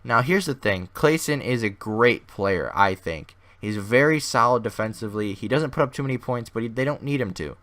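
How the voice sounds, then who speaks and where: A man with a hoarse, fading voice giving casual, rambling commentary over a video game as host of his gaming channel. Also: medium pitch, animated, moderate pace, few pauses, a bit bright. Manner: rambling, thinks aloud with many restarts.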